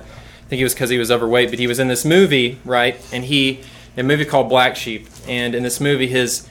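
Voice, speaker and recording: A man's voice: mid-range voice, fairly bright tone, a little hiss or hum. A young man giving an informal sermon to a youth group, rambling and repeating words as he restarts his sentences.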